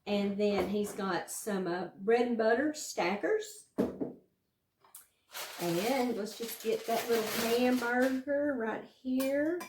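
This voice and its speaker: A woman's voice: on the high side, slow pace, roomy sound, background noise. A woman with a Southern US accent hosting a casual home cooking show, chatting in a folksy, encouraging way from her kitchen. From Southern United States. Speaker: cooking channel host.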